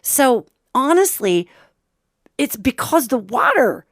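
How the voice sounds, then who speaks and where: A woman's voice: high-pitched, very animated, takes it slowly, a bit bright, dry recording, studio quality. A middle-aged woman hosting a solo spiritual commentary podcast, talking to listeners in an impassioned, conversational way. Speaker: host.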